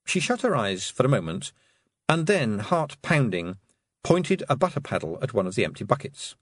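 A man narrating a storybook with expressive, vivid storytelling. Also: mid-range voice, normal speed, dry recording. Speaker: audiobook narrator. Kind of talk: scripted narration.

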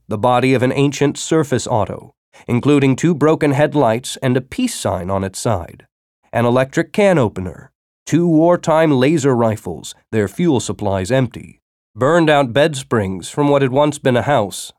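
A male audiobook narrator tells the story expressively in a mid-range voice at normal speed. The recording is dry, with clean studio sound.

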